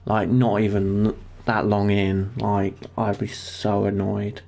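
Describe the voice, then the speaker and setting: A man's voice: on the low side, takes it slowly, vocal fry, few pauses. A man streaming a survival game, chatting casually and swearing when things go wrong. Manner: excitable, swears, panicky outbursts. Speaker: gaming livestreamer. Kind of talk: casual gameplay commentary.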